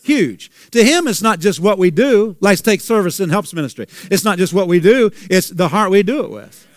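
A man's voice: high voice, lively intonation, a little fast, dry recording, clean studio sound. A male pastor preaching a sermon, asking the congregation questions and repeating phrases for emphasis.

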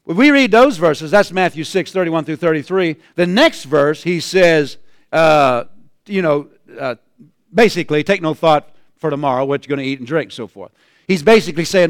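Man preaching with shouted refrains. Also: fairly high pitch, animated, normal speed, clean tone, no echo, studio quality. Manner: calls out to the congregation. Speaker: pastor. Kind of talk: sermon.

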